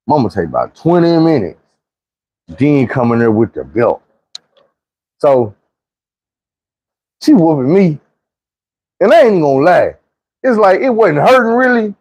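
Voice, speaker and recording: Southern guy telling a wild storytime, husky voice, pitch all over the place. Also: no echo, low-quality recording. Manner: animated, slangy, profane storytelling. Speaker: storyteller vlogger. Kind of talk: casual storytime monologue.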